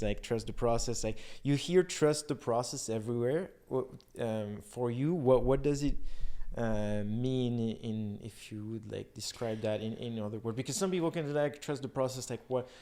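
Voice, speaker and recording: Male podcast host, mid pitch, halting and searching for words, lots of short affirmations. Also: warm tone. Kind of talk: casual conversational interview.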